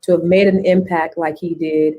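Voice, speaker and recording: A woman's voice: on the low side, level tone, normal speed, mellow, dull audio, a little hiss or hum. A woman co-hosting a live talk show, chatting casually, affirming her partner and repeating phrases for emphasis. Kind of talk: casual chat.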